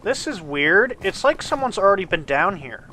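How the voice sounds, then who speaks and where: A man's voice: high voice, very animated, normal speed, bright, forceful tone. A man hosting a game recording, chatting in a laid-back way and chuckling along with friends. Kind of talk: casual gaming chat.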